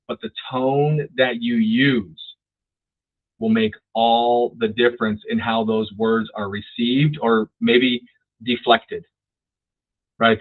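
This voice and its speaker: A man giving a casual real estate sales training, often repeating words and checking in with "right?". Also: medium pitch. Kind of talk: training talk. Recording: dry, phone-like lo-fi audio.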